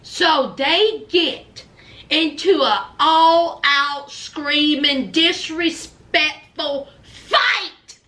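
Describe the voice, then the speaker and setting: A woman's voice: high voice, animated, drawn-out words, pushed and bright. A woman giving sassy, gossipy reality TV recap commentary, often saying "honey".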